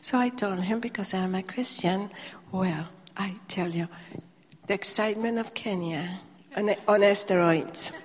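A woman preaching her testimony in an animated storytelling way, acting out the dialogue. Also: medium pitch, moderate pace. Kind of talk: testimony sermon. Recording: long hall reverb.

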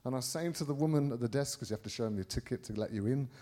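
Rambling preacher telling a story. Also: male voice, medium pitch, rapid-fire. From England. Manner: rambling, with many restarts and swings in loudness. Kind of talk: anecdotal preaching to a congregation.

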